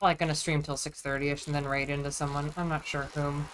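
Lower-voiced woman chatting while gaming. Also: level tone, brisk, slight background noise. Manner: chatty, thinks aloud while playing. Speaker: streamer. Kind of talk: casual gameplay chat.

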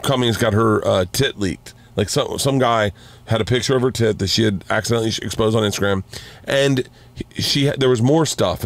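A man telling stories in casual chat as a podcast guest, animated, restarting sentences and swearing freely. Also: lowish voice.

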